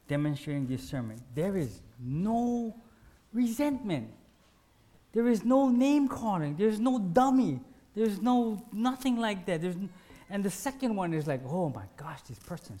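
A man giving an informal spiritual teaching, animated and self-deprecating, acting out everyday scenes in short, punchy phrases. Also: high-pitched.

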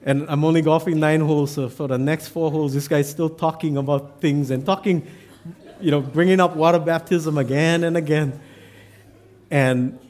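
A man's voice: a little high, a little mellow. A man, an assistant pastor, telling a personal story in a sermon with self-deprecating humor.

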